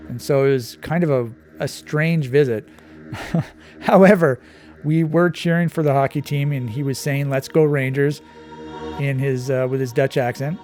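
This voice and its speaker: A man's voice: medium pitch, fairly even intonation, moderate pace, a little mellow, soft background music. A man giving casual, digressive commentary while playing a map quiz, thinking aloud as he goes. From Canada. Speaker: quiz channel host.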